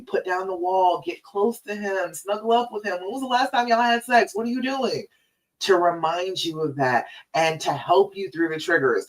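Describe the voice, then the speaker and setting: A woman's voice: fairly low pitch, far from the mic, rough recording. Emphatic woman coach, a bit off-mic. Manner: emphatic, direct, repeats key phrases. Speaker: relationship coach. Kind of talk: live-streamed coaching talk.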